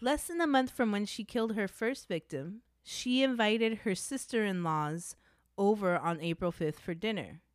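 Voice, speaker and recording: A woman's voice: medium pitch, moderate pace, no echo, clean studio sound. Blunt woman telling a crime case. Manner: matter-of-fact, blunt. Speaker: podcast co-host and case narrator. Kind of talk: casual true-crime chat.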